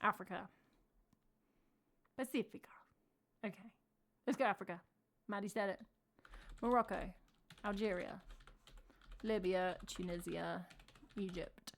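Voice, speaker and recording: A woman's voice: mid-range voice, steady tone, measured pace, long pauses, slight background noise. Chatty English woman streamer. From England. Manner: chatty, thinks aloud, talks back to her chat. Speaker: live streamer. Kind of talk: casual live-stream chat.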